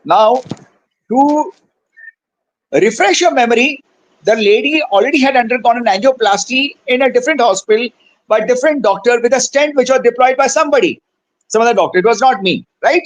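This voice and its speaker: A man's voice: extremely high pitch, brisk, rough recording. An older man with an Indian English accent telling his own story in an interview, acting out the dialogue and switching between English and Hindi. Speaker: senior cardiologist, interview guest. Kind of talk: animated personal storytelling.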